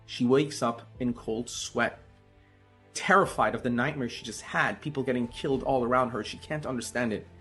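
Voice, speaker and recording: A man telling a religious story in an animated, emphatic way, with sudden swings in loudness. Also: medium pitch, moderate pace, soft background music.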